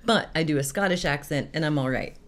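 A woman's voice: low-pitched, fast. A woman co-hosting a podcast, chatting playfully and reading sponsor plugs. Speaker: podcast co-host. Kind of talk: casual chat.

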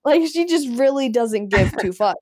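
A young woman co-hosting a casual gossip podcast, expressive, laughing often and swearing casually. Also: fairly high pitch, a little slow, a loud crowd. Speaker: podcast co-host. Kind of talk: casual celebrity gossip chat.

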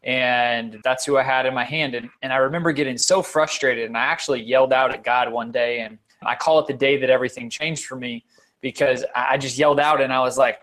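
A man's voice: medium pitch, fairly even intonation, brisk, a bit bright. A man being interviewed as a guest on a podcast, a motivational speaker who talks earnestly and repeats words for emphasis.

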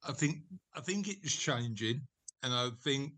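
A man answers interview questions as a financial adviser, thinking aloud and restarting his sentences. His voice is bright and forceful. The sound is dry, with no room echo. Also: mid-range voice, lively intonation, a little slow. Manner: thoughtful, hesitant with restarts.

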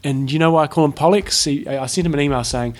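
A man's voice: fairly high pitch, fast. A man co-hosting a podcast in casual chat, making dry, wry remarks. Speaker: podcast co-host.

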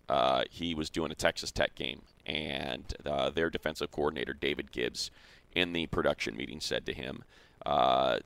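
A man's voice: very deep voice, gravelly, dry recording. A man co-hosting a sports show, arguing points emphatically in casual debate. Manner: emphatic, animated, repeats words when heated.

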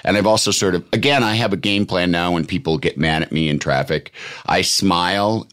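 A man's voice: low voice, a little fast. A middle-aged man chatting casually, rambling and stopping himself mid-sentence. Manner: rambling, self-interrupting, lively delivery. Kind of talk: casual chat.

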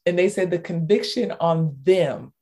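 A woman author as an interview guest, telling stories with lots of fillers and bursts of excitement. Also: lowish voice, unhurried. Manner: animated storyteller, many fillers, squeals in retold cheers. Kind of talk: casual interview talk.

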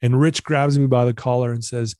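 A man recounts his story on a podcast in an earnest, confessional way, voicing the people he quotes. His voice is mellow and dark, at a middle pitch. The sound is dry and close. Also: steady tone, a little fast, no echo. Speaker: podcast guest. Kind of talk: storytelling interview.

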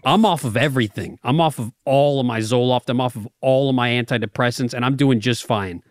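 Speaking fairly quickly at medium pitch, this man co-hosts a podcast with clean, echo-free studio sound. He teases his partner in profane, mock-serious banter.

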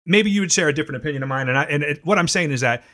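A man's voice: on the high side, rapid-fire, sharp tone. A man in casual conversation, speaking earnestly and carefully hedging his points.

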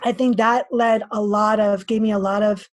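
A woman guest on a podcast, telling lively personal stories and acting out the voices of the people in them. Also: medium pitch, normal speed, no echo. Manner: animated, acts out quoted voices. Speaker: podcast guest, spiritual teacher. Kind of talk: casual storytelling interview.

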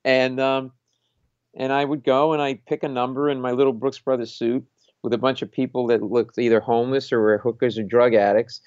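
A man's voice: medium pitch, flat delivery, a little fast, a little mellow, clean tone, dry recording. Man telling a wild story, lo-fi. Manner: acts out quoted voices, laughs mid-story. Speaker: stand-up comedian guest. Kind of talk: animated storytelling in conversation.

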